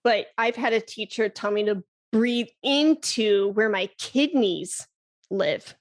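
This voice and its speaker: A woman's voice: mid-range voice, slow. A woman flute teacher and podcast guest, talking enthusiastically and laughing often in a casual chat.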